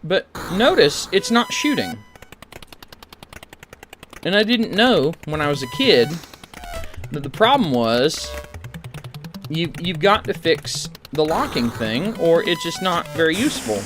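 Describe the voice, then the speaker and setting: A man's voice: a little high, sing-song, unhurried, long pauses, a bit bright, soft background music. A man giving casual, rambling commentary while playing an old computer game, with sarcastic asides. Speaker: streamer.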